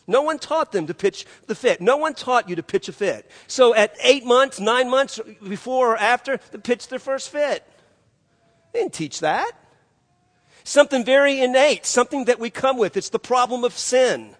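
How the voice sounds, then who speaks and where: A man's voice: very high-pitched, animated, normal speed, fairly bright tone, in a large hall. An older man preaching a sermon as pastor, emphatic and conversational, telling stories to make his point. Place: church sanctuary.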